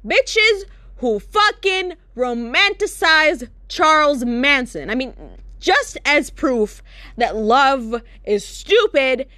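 A woman's voice: high-pitched, animated, slow, bright, forceful tone. A young woman ranting in a comedic vlog, exasperated and sarcastic, swearing freely. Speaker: vlogger. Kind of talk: comedic rant.

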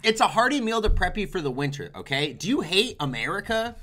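A man's voice: high voice, big pitch swings, fairly quick, sharp tone. A man co-hosting a podcast in casual chat, teasing and slangy, calling people dude. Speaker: podcast co-host.

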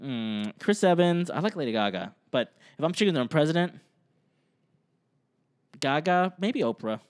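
A man's voice: a little high, sing-song, moderate pace. A young man co-hosting a podcast in casual chat, joking, laughing often and reading quiz options aloud. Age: young adult. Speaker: podcast co-host.

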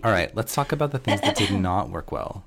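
A man's voice: lowish voice, sing-song, brisk, creaky, a bit bright. A man hosting a podcast in casual chat, joking and steering the talk from one segment to the next. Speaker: podcast host.

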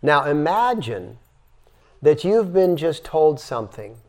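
Older man, yoga teacher, spiritual lecture, somewhat high voice, emphatic storytelling. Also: big pitch swings, slow. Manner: demonstrative, exhales sighing sounds to teach breathing.

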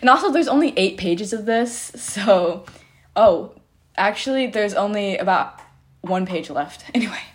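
A hoarse woman hosting a podcast, reading her old stories aloud with giggly, self-mocking asides. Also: mid-range voice, expressive, unhurried. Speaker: podcast host.

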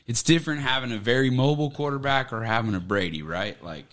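A man's voice: mid-range voice, fast talker, a bit bright. A man co-hosting a podcast, chatting loosely about football, swearing, laughing and mimicking people. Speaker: podcast co-host. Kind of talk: casual sports chat.

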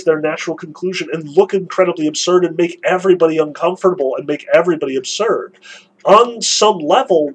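Husky, high-voiced male lecturer. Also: poor audio. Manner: analytical, emphatic. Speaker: literature lecturer. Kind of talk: lecture on a novel.

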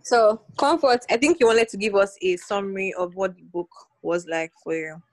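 A young woman with a Nigerian accent hosting a casual podcast chat, playful and quick to laugh. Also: medium pitch, no room sound, rough recording. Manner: playful, laughs often, sings along. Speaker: podcast host.

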